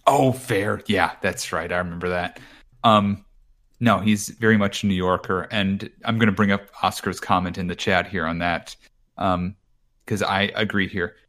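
Speaking at a normal speed, this man has a deep, fairly bright voice with fairly even intonation. As a podcast co-host he casually recaps wrestling, rambling, cursing freely, and paraphrasing promos.

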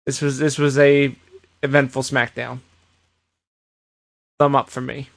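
A man co-hosting a podcast, giving an animated casual recap with plenty of swearing. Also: medium pitch, unhurried, gravelly. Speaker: podcast co-host. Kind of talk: casual chat.

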